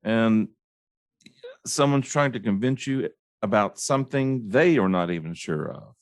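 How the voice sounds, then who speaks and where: A man hosting his own show, ranting casually about overused phrases, stumbling and restarting often and mimicking others in a high mocking tone. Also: lively intonation, no room sound, clean studio sound. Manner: halting restarts, repeats words. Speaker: podcast host. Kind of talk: casual solo rant.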